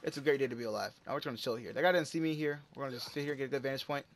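A man giving casual gameplay commentary, excitable and swearing often, yelping when he comes under fire. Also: medium pitch, racing, a little hiss or hum. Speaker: gamer. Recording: game gunfire loud under the voice. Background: gunfire and explosions from the game.

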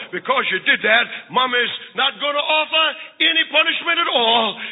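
A man voicing a tender, forgiving mother who speaks softly and lovingly to her son. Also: very high voice, husky, exaggerated voice. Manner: soft, hushed and loving. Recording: tinny lo-fi recording in echoing hall.

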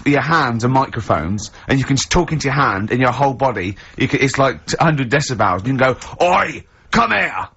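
A man's voice: medium pitch, a little fast, few pauses, fairly bright tone, husky, highs cut off. A man hosting a radio show, laughing through playful banter and spinning absurd made-up stories. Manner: giggly, spins absurd stories. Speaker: radio host. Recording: archive radio studio broadcast.

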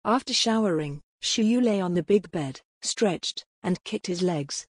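A woman narrating an audiobook in an even, steady storytelling manner. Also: on the low side, unhurried, breathy edge, no echo, studio quality.

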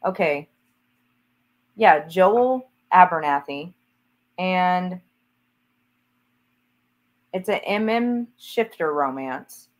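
A woman's voice: fairly low pitch, animated, drawn-out words, pauses often. A woman author chatting as an interview guest, talking with gushing enthusiasm about books she loves. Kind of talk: casual interview chat.

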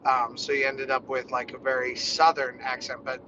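A man's voice: medium pitch, flat delivery, normal speed, muffled recording, noisy background. A man chatting casually during a car ride, rambling and laughing often. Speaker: vlogger.

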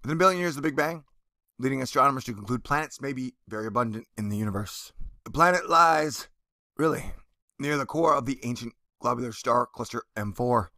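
A man's voice: medium pitch, a little fast, bright, forceful tone, dry recording, clean studio sound. A man hosting a casual comedic news commentary vlog, reading article passages aloud and mocking them with sarcastic asides.

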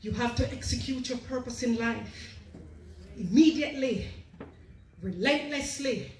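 High-voiced woman preaching in an echoey hall. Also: measured pace, darkish tone, slight background noise. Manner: storytelling, acting out the people in the story. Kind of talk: sermon. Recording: echoey church hall, mic at a distance.

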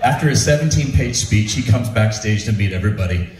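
At a ship's show venue, a man with a lowish voice presents his own comedic storytelling show at a quick pace. He's animated, laughs a lot, and acts out the voices of people in his stories. The recording has a roomy hall sound, a distant mic, and faint ambience.

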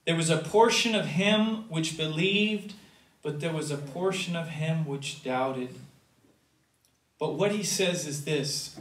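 Male pastor, fairly high voice, slow deliberate sermon delivery with loud bursts and hushed drops; recorded from a distance in an echoey sanctuary. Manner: preaching with sudden loud rises and quiet drops. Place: church sanctuary.

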